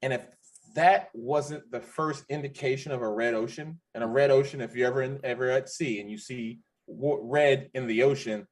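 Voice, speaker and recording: A man in his forties, a security founder appearing as a podcast guest, tells stories casually and emphatically, often repeating his phrases. His voice is medium-pitched with fairly even intonation at normal speed.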